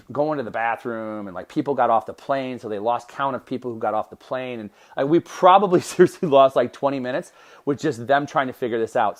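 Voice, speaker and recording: Man, 30s, podcast host, personal storytelling, animated, self-interrupting, middle pitch.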